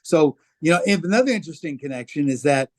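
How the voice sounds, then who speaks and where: A man's voice: on the high side, animated, fast. Guy chatting in an interview, lots of uhs, reminiscing about old days. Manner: rambling recollection with many fillers. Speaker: interview guest, former record company worker. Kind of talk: casual interview conversation.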